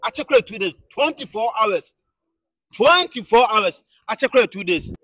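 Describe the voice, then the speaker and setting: Actor as a whiny complainer in a comedy skit, high husky voice, dry sound. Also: male voice, lively intonation, fairly quick, fairly bright tone, no echo, exaggerated voice. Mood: complaining. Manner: whiny, repeats the same complaint over and over.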